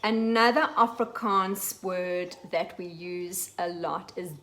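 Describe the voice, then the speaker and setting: A woman's voice: lowish voice, takes it slowly, a bit bright, low-quality recording. A woman from South Africa with a South African accent, chatting casually on her vlog. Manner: chatty, explaining with repeated example phrases. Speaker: vlogger. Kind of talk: casual chat.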